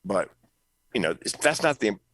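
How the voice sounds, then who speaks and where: A middle-aged man, a comedian, telling an animated story as a podcast guest, jumping up in pitch when he quotes people. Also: moderate pace, husky, dry recording, rough recording. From North Carolina, US. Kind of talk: storytelling interview.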